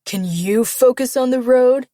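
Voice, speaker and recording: A woman's voice: high-pitched, measured pace, warm tone, no echo, studio quality, voice pushed up. A woman voicing a brash, hot-tempered young man who snarls orders at his friends. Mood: aggressive. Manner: snarling, ordering people around.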